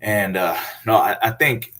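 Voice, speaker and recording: Deep-voiced man with halting storytelling. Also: fairly bright tone. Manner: halting, many fillers and restarts. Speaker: scam victim telling his story. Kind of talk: casual storytelling.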